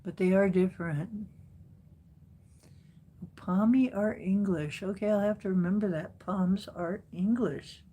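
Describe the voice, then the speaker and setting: Slow, chatty woman live streaming. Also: mid-range voice, dark tone, breathy edge. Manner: unhurried and chatty, laughs often. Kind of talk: casual live chat, reading viewer comments.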